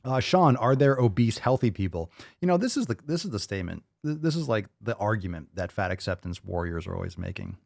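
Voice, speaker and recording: A man hosting a livestream podcast, talking in a crude, loud and mocking way. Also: fairly low pitch, sing-song, brisk, vocal fry, no echo, studio quality. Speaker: podcast host.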